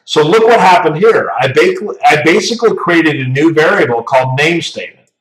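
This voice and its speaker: A man's voice: a little high, animated, normal speed, a bit bright, far from the mic. A man teaching a programming class as a casual walkthrough, talking through each step and often checking in with "right?". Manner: casual, talks through steps, tags "right?". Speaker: programming instructor. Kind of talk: screen-recorded coding lesson. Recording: roomy echo, voice off-mic.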